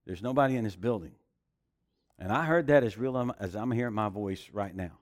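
A man preaching a sermon with emphasis, mixing scripture with personal testimony and rhetorical questions. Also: mid-range voice.

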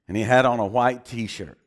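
A preacher telling a story in a sermon, animated and often chuckling as he goes. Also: medium pitch.

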